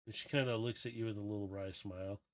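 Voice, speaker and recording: Relaxed male game master narrating. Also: lowish voice, quick pace. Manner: relaxed, descriptive, loose phrasing.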